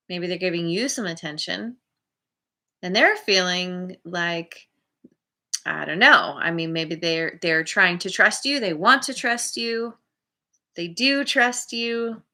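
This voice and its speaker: Woman tarot reader, casual to-camera reading; unhurried, bright-toned, rambling and self-amused. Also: medium pitch. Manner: chatty and meandering, laughs at herself.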